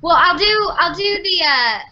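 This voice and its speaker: A woman's voice: extremely high pitch, animated, normal speed, bright, forceful tone. A woman voice actress chatting as a guest on a fan podcast, laughing easily. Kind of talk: casual podcast chat. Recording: dull lo-fi stream audio.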